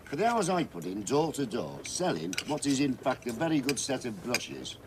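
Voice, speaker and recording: A man's voice: medium pitch, sing-song, moderate pace, noisy background, natural voice. A man playing a blunt door-to-door brush salesman. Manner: blunt, grousing.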